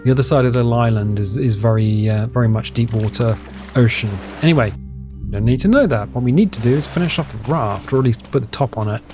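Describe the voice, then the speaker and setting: A man's voice: medium pitch, quick pace, music in the background. A man casually commentating a survival game as he plays, rambling, joking at his own expense and talking to himself. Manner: rambling, self-deprecating, talks to himself. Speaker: gameplay commentator. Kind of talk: casual let's-play commentary.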